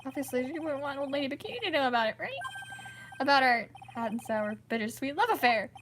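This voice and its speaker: A defensive, lovesick young man whines his way through game dialogue, read out by a woman. The voice sits high and bright, with big lively swings in pitch. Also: fast, slight background noise. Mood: whiny. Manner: whiny, defensive.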